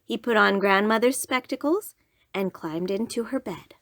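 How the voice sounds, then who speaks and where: A woman reading a children's storybook aloud in a slow, lilting, expressive way. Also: mid-range voice, noisy background.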